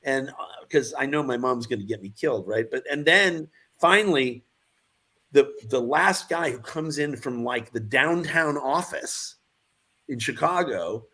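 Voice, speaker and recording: Man around sixty, lively storyteller, mid-pitched voice, casual interview guest, acts out voices. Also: measured pace. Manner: animated anecdote-telling, acting out the voices of others. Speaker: guest filmmaker.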